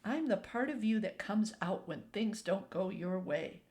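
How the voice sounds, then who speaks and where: A woman voicing a calm, gentle anger creature in a storybook, speaking low and hushed. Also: measured pace, close to an everyday voice. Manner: hushed, low, soft-spoken. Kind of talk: storybook reading.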